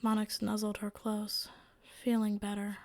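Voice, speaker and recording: A woman narrating a story in a steady, measured way. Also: mid-range voice. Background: faint music.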